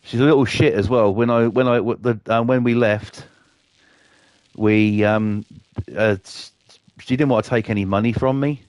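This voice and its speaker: A man's voice: mid-range voice, steady tone, moderate pace, a little mellow, no room sound. A British man chatting casually on his live stream, rambling and swearing a lot.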